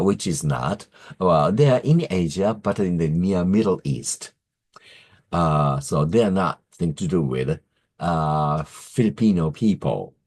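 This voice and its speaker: A man giving a language lesson, speaking slowly and carefully, repeating words, correcting himself and chuckling now and then. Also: low-pitched, a little mellow, husky. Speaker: teacher.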